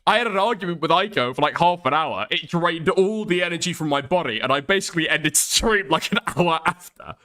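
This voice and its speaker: A man's voice: fairly high pitch, a little fast, few pauses, bright, forceful tone. An Irish man streaming live while ill with the flu, reading chat and ranting with lots of swearing and laughter. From Ireland. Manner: profane, ranting, laughing often.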